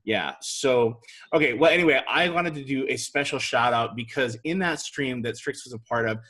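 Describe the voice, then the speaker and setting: Chatty husky man hosting a podcast. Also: mid-range voice, moderate pace, pushed and bright. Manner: chatty and enthusiastic. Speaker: podcast co-host. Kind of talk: casual fan podcast chat.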